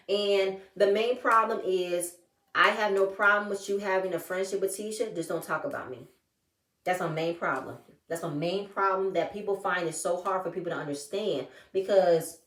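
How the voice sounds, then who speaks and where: A woman giving a sassy, animated recap of a reality show and acting out what the cast said. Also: on the low side, far from the mic. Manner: animated, sassy, acts out the cast's quotes. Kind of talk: casual recap chat. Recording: echoey room, a bit off-mic.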